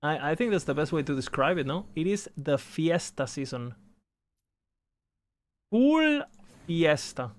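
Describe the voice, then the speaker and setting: A man streaming a game, thanking subscribers and reacting in animated, playful talk that is full of swearing. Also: a little high, a little fast, hardly any pauses. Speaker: gaming streamer. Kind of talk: casual game commentary.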